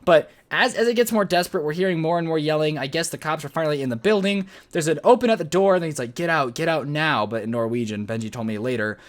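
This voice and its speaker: A young man spins a dramatic storytime for his vlog audience. His voice sits a little high and leaps up and down as he tells it. He talks in loose slang and hams up the story for laughs. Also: quick pace, few pauses. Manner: animated, jokey storytelling with slang. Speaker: vlogger.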